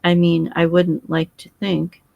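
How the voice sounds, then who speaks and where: A woman's voice: fairly low pitch, monotone, a little slow, vocal fry, dry recording, muffled recording. A woman voicing an earnest, boyish young English husband who talks frankly and eagerly.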